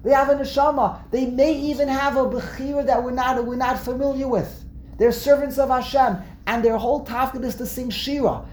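A fairly high-voiced woman leads a religious text class, explaining with energy and often doubling back on her words. The room around her is echoey, with faint noise in the background. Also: normal speed. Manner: animated explaining, frequent word repeats, answers student interjections. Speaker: religious teacher. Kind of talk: text study class with students.

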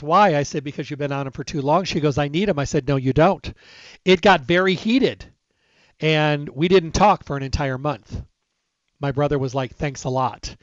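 A man's voice: on the high side, no echo. Man telling a health story, lo-fi. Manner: conversational, retells dialogue, stresses repeated words. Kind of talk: casual health talk with a personal story. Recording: dull dry lo-fi recording.

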